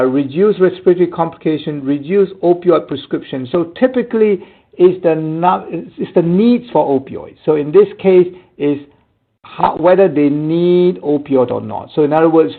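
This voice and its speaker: Gravelly-voiced doctor on a tinny line. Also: male voice, a little high. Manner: explanatory, halting with frequent fillers. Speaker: physician webinar presenter. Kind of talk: answering audience questions in a webinar. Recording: tinny phone-like audio line.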